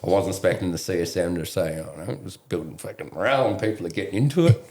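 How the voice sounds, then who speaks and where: An Australian man, a veteran guest, telling a war story in a profane, laughing, animated way. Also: sits low, fast, reverberant. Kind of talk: casual storytelling.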